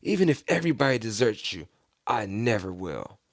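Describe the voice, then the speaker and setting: A man's voice: on the low side, very animated, normal speed, no room sound, clean studio sound. A man voicing an eager, loyal disciple who insists emphatically. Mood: insistent.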